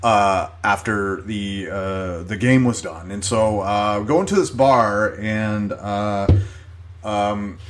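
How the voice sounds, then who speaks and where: A man's voice: lowish voice, slow, a little hiss or hum. A man hosting his own podcast, telling a story in an exasperated, profane ramble full of fillers. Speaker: podcast host. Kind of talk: casual podcast rant.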